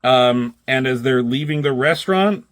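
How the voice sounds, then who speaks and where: A man's voice: mid-range voice, moderate pace, dry recording. A man reviewing comic strips in a casual, rambling chat, swearing freely and acting out characters' lines in raised voices.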